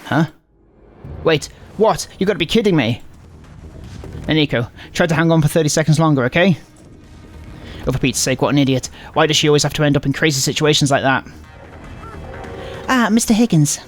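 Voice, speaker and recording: A man streams a visual novel and reads its lines aloud with playful, overdone comic drama. His voice sits a little high, with faint game music running underneath. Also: brisk, long pauses. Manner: playful, exaggerated line delivery. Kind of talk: comedic dramatic reading.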